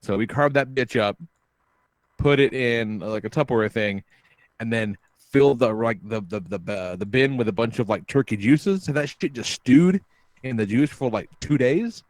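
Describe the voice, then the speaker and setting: A man hosting a podcast, telling a long story in casual chat, animated and full of swearing. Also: mid-range voice, normal speed, dry recording. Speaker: podcast host.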